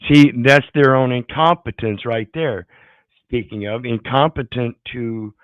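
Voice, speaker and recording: A man's voice: mid-range voice, no room sound. Man, preachy commentator, moralizing, tinny phone-like sound, dry. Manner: preachy, moralizing, repeats words while searching. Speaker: panel host. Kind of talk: lecturing commentary.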